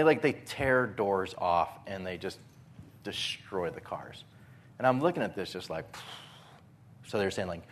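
Man preaching, animated storyteller. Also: low voice, slight background noise. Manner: animated storytelling, acts out his own panic. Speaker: pastor. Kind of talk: sermon.

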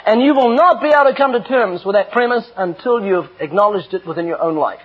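A man's voice: high-pitched, lively intonation, quick pace, slightly rough. A middle-aged man preaching an earnest, emphatic sermon with personal stories. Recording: dull lo-fi recording.

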